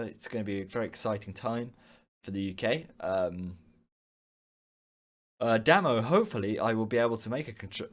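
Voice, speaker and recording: Young man, from the UK, casual live-stream host, lowish voice, rambling with ums and restarts. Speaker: host answering live questions.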